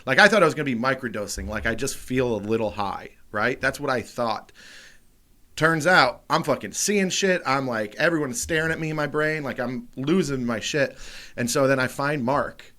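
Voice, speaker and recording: A man co-hosting a comedy podcast, telling a wild story in a loud, animated, profane way. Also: mid-range voice, normal speed. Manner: animated, profane, acts out quotes loudly. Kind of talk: casual storytelling chat.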